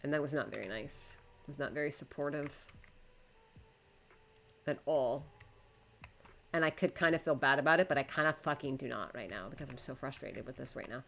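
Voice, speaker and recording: A woman's voice: very deep voice, brisk, long pauses, fairly bright tone, slight background noise. A woman streaming live, chatting casually to her viewers and to the game while she builds, swearing when it frustrates her.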